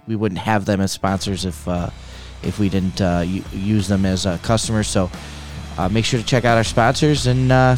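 A man's voice: lowish voice, clean tone. A man co-hosting a podcast, reading plugs loosely with many fillers. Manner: loose, filler-heavy delivery. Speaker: podcast co-host. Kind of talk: casual podcast sign-off.

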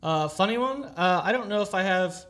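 A man's voice: high voice, animated, moderate pace, a bit bright. A young man in casual podcast chat, laid-back and joking, telling stories about his old jobs. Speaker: podcast guest.

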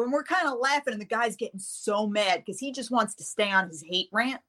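A woman's voice: a little fast, few pauses. A woman author, a guest on an interview show, telling a story with energy and acting out the voices of the people in it. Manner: lively, acts out the people in her story with big pitch jumps.

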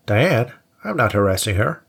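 A man's voice: fairly low pitch, very animated, moderate pace, gravelly, a bit bright, slightly rough, full character voice. A man voicing a defensive, evasive ex-boyfriend in an audiobook, with a whiny, protesting delivery. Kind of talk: audiobook character voice.

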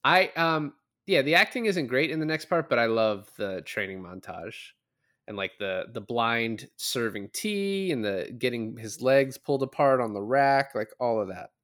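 A man's voice: mid-range voice, expressive, moderate pace, a bit bright. A man co-hosting a podcast, chatting casually about a movie, laid-back and laughing between remarks. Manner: laid-back, swears freely, laughs while talking. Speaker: podcast co-host. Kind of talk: casual movie review chat. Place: podcast recording.

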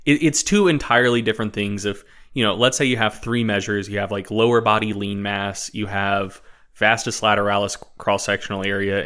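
A man with a fairly low voice, sitting in as guest co-host on a casual podcast. He reasons out loud through detailed technical examples and needles his co-host in a playful way. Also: smooth. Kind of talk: casual chat.

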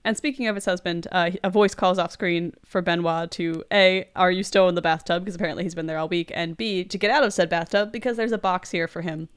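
A woman's voice: lowish voice, fairly quick, hardly any pauses, smooth. A woman hosting a podcast, recapping film scenes in casual chat and laughing often. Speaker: podcast host.

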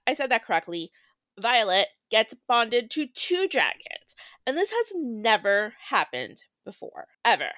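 A woman's voice: medium pitch, a bit bright, dry recording, clean studio sound. A woman co-hosting a casual book podcast, retelling the plot in a chatty way with lots of fillers. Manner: chatty, filler-heavy, quick plot recap. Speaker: podcast co-host.

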